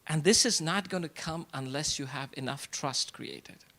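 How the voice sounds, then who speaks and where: A middle-aged man speaks from the front of a hall to a business crowd. His voice is raised and gravelly, and he throws the audience rhetorical questions and hammers home short repeated lines. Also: on the high side, moderate pace, pushed and bright. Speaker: event speaker. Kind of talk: motivational speech to a live audience. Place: event hall before an audience.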